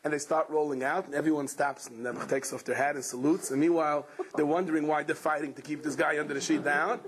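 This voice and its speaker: A man preaching a storytelling sermon, animated and rousing, with Yiddish-laced speech and a husky voice. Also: on the high side, fast, slight background noise.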